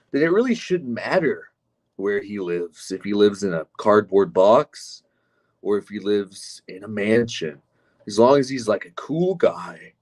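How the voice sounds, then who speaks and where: A man streaming live, reading chat comments aloud and answering them with sardonic, profane mockery. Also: on the low side. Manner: sardonic, mocking, profane asides.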